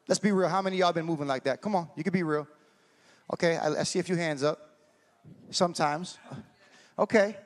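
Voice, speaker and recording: A man preaching with a high, bright voice. He is passionate and talks straight to his congregation, throwing questions at them. The sound carries a long hall reverb. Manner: passionate, shouting in bursts, talks to the crowd. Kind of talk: sermon.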